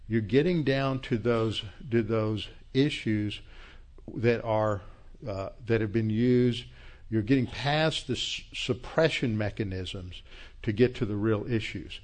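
A man's voice: lowish voice, slow. A man teaching a church Bible class in a conversational, reflective lecturing style and closing in prayer.

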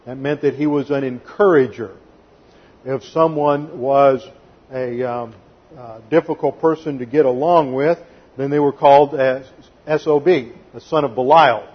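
Heard through muffled lo-fi sermon audio, this man speaks at a medium pitch, steady and unhurried with a slight roughness. He delivers an expository sermon point by numbered point, methodical and emphatic before his congregation.

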